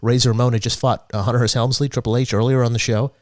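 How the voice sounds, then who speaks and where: A man's voice: medium pitch, level tone, fast, darkish tone, dry recording, clean studio sound. A man co-hosting a podcast, explaining the history at length with frequent restarts. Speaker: podcast co-host. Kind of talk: podcast commentary.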